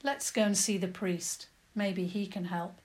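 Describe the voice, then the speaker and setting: A woman voicing a kind, earnest schoolboy who speaks softly, in a children's storybook reading. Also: medium pitch, steady tone, a little slow, lightly acted. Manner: soft-spoken, earnest.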